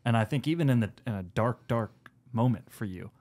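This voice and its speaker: A man's voice: mid-range voice, animated, fairly quick, a little mellow. A man hosting a podcast, asking questions and backing up his guest with short affirmations. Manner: supportive, affirming interjections. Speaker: podcast host. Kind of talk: casual interview.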